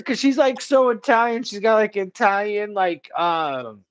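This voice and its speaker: A man's voice: sits high, moderate pace, few pauses. A man hosting a livestream in casual chat, rambling and slangy, calling people bro and dude. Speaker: livestream host.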